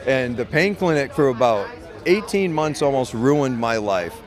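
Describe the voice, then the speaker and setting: A man's voice: medium pitch, expressive, takes it slowly, crowd noise. A middle-aged man, a medical cannabis patient and grower, telling his story in an interview in a blunt, profane, rambling way with many restarts.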